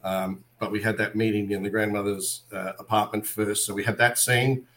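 This is an Australian man with a somewhat low voice, chatting casually as an interview guest. He tells his stories with energy and slips into other people's voices to act out what they said. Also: moderate pace, a little hiss or hum. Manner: animated storyteller, acts out other people's lines. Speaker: guest, wrestler and actor.

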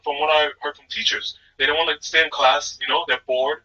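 A man from the northeastern United States rattles on in casual podcast chat, animated, laughing often and checking in with his co-host. His voice is very bright and a little husky, and it comes at a quick clip. The recording is dull and lo-fi, with him sitting back from the mic. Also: on the high side. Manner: animated, laughs often, repeats "you know what I mean". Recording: muffled, distant, lo-fi mic.

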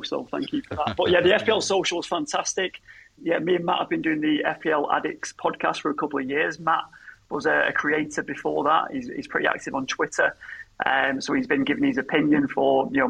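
Brief: podcast guest, man, rapid, raspy and fried. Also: a little high, a bit bright, dull audio. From Australia. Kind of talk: casual podcast chat.

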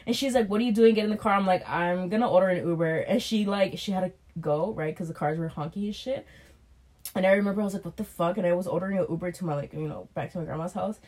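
A podcast co-host with a lowish voice talks at a quick pace, casually recounting a bad date. She swears freely and animatedly acts out both sides of the conversation, quoting the dialogue.

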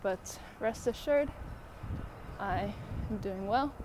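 Woman vlogger, winded and breathy, rambling outdoor walk-and-talk, clear outdoor noise on the track. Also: mid-range voice, slow pace. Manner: rambling, filler-heavy, frequent laughs. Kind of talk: casual rambling talk to camera while walking. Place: outdoors on a walk, birds about.

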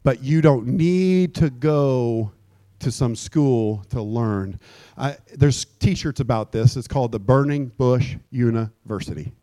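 A pastor preaching a sermon in a lively, joking way, slipping into mock old-fashioned prayer voices. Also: male voice, mid-range voice, slow pace, dry recording. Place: church.

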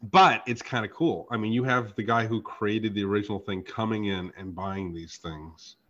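A man's voice: lowish voice, moderate pace, a bit bright. A man hosting a podcast, telling a story in casual chat. He swears freely and acts out both sides of every exchange. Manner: profane, storytelling with reenacted dialogue. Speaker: podcast host. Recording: dull lo-fi podcast audio.

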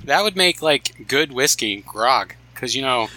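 A man's voice: medium pitch, animated, unhurried, sharp tone, rough recording. A man co-hosting a casual podcast, joking and swearing freely. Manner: joking, profane, laughs often. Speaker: podcast co-host.

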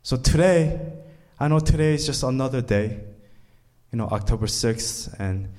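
A man's voice: medium pitch, lively intonation, normal speed, darkish tone. A male pastor preaching a sermon, reading scripture aloud and driving points home with emphatic rises.

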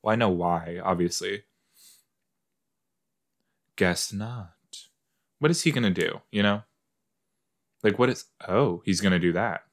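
A low-pitched man speaks in an unhurried, drawn-out way while giving casual commentary on an episode as he watches it. He is a podcast host who talks back at the characters on screen in a loose, chatty manner.

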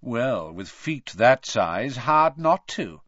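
A man's voice: medium pitch, very animated, unhurried, a bit bright, no room sound, lo-fi sound. A man voicing a sneering teenage boy wizard who drawls lazily and mocks. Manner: drawling, lazy, mocking.

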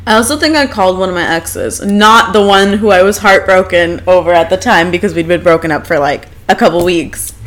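A young woman co-hosting a podcast, telling a story in a blunt, crude, self-mocking way with many fillers. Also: lowish voice. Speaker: podcast co-host. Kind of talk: casual storytelling chat.

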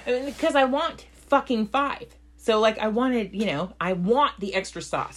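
A woman's voice: a little high, fairly bright tone. A woman co-hosting a casual podcast, talking bluntly and with plenty of swearing. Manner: blunt and profane, quick laughter. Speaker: podcast co-host. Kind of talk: casual chat.

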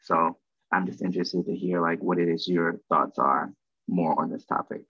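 A man's voice: deep voice, steady tone, normal speed, bright, forceful tone, breathy edge, no room sound. A man hosting a podcast discussion, talking in a thoughtful, hedging way. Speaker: podcast host. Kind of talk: casual discussion. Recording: dry tinny phone-like line.

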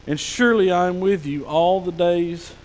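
A male pastor preaching a folksy sermon, sometimes dropping to a soft hush. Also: high-pitched, normal speed, in a large hall, low-quality recording. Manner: folksy preaching, drops to soft hushed tones for God's whispers. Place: church sanctuary.

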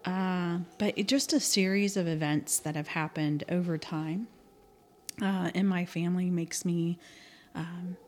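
A woman's voice: on the low side, steady tone, measured pace, a little mellow. A woman from the American Midwest, a podcast guest telling personal stories in a thoughtful, hesitant way with many fillers. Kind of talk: casual storytelling interview.

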